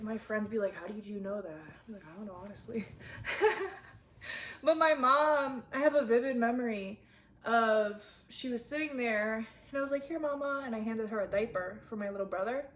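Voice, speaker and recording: A woman's voice: a little high, a bit bright. A young woman in her twenties rambling candidly to camera in a casual vlog, full of fillers. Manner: rambling, frequent "like", candid and chatty. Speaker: vlogger. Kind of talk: casual confessional chat to camera.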